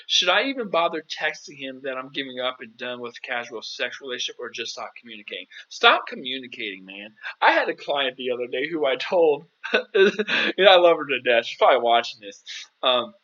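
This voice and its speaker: A man's voice: medium pitch, sing-song, fairly quick, bright, forceful tone, muffled recording. A man hosting a casual live-stream Q&A as a dating coach, chatty and playful, calling viewers "girl".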